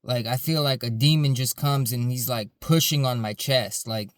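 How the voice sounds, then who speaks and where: Man, mid pitch, earnest rambling storyteller, dry close recording. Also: moderate pace, no echo. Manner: earnest, rambling with many "like" fillers. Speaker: security supervisor telling his dreams. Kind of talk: casual storytelling to camera.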